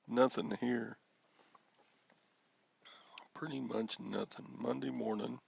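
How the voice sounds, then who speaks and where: A man's voice: mid-range voice, steady tone, slow pace, creaky, long pauses, dry recording, lo-fi sound. A man hosting a casual solo livestream, rambling and self-deprecating as he greets viewers by name. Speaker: livestream host.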